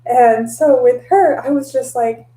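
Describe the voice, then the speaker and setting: A woman telling stories in a casual vlog, animated and laughing often, slipping into voices for her own past lines. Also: a little high, measured pace, echoey room, poor audio. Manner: laughs often, mixes in mild cursing. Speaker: tarot reader and vlogger.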